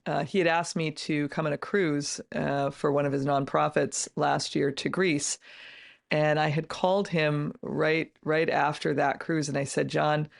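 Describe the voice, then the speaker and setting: A woman's voice: low-pitched, creaky, no echo, clean studio sound. A middle-aged woman, an author and entrepreneur, speaking as a podcast guest in an emphatic, earnest way with many restarts. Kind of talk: casual interview conversation.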